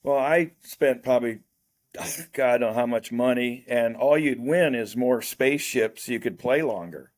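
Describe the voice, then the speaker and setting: A man's voice: mid-range voice, normal speed, darkish tone. An older man chatting casually, rambling through old memories. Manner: rambling, reminiscing. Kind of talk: casual chat.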